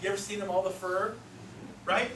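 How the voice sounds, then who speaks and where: A middle-aged man speaking as a real estate trainer, telling stories in an animated way and acting out the voices he quotes. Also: high voice, fairly quick. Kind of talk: storytelling seminar talk. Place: seminar room. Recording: echoey room, mic far off, noisy.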